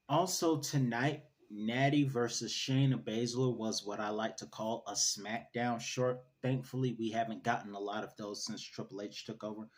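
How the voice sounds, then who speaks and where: A man giving a casual solo wrestling review, chatty, wry and opinionated. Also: medium pitch.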